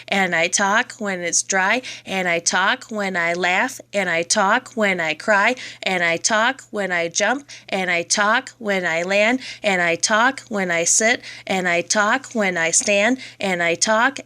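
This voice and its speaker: A woman reading children's poems aloud, in a lively and expressive read-aloud manner. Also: mid-range voice. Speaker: reader.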